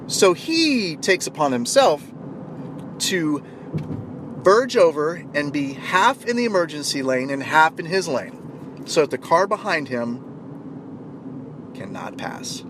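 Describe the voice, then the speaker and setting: A man telling a motivational story in an animated way, acting out the shouting voices of the people in it. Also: a little high, slow, long pauses. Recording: clear traffic noise.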